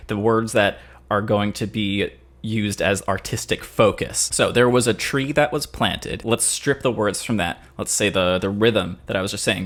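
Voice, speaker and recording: A man who composes and teaches music, talking casually as he works out a melody and speaking lines out loud to test their rhythm. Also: on the low side. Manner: relaxed and chatty, says melody lines out loud to feel the rhythm.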